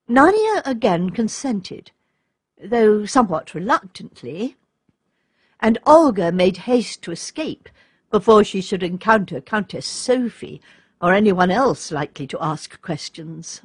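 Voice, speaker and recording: Slow, breathy woman reading a story. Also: medium pitch, sing-song, dry recording, clean studio sound. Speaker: narrator.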